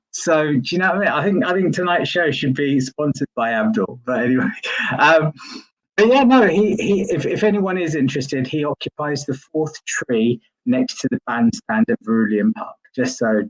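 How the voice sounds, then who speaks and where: A man's voice: a little high, lo-fi sound. A man from East London hosting a comedy stream over a video call, chatty and jokey, stammering and repeating himself. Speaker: comedy show host. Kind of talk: stand-up banter on a live stream.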